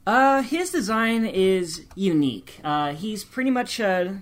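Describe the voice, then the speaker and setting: A man co-hosting a podcast in casual chat, giving measured explanations and hedging his claims. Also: high voice, expressive, a little hiss or hum. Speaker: podcast co-host.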